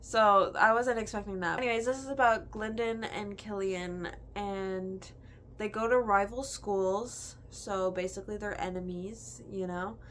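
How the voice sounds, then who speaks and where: A woman's voice: mid-range voice, fairly even intonation, measured pace, fairly bright tone, slight background noise. A young woman in a casual book review chat, gushing and chatty, filling her talk with "like". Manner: gushing, chatty, heavy use of "like".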